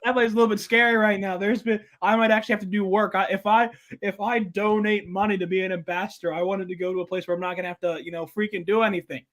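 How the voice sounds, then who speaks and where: A man's voice: sits high, steady tone, fast talker, hardly any pauses, a bit bright. A young man co-hosting an election-night stream in casual, rambling, joking chat. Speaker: livestream co-host.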